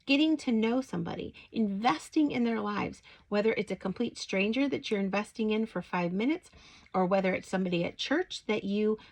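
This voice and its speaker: A woman's voice: mid-range voice, a little fast, low-quality recording. A middle-aged woman telling a personal story in a chatty, casual way, with many fillers, and turning it into a devotional message. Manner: chatty, with frequent fillers and rising excitement when retelling greetings. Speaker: Christian faith vlogger.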